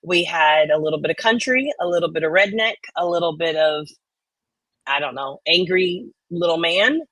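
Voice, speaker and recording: A woman's voice: on the low side, moderate pace, a bit bright, dry recording, poor audio. A woman hosting a casual livestream, reading online comments aloud in a laid-back way. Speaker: host.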